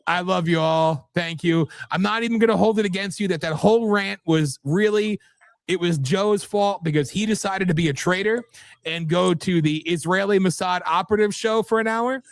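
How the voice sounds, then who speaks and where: A man's voice: sits high, moderate pace, clear, resonant tone, dry recording. A man hosting a live talk show, rambling and blunt, repeating words and swearing freely. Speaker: host.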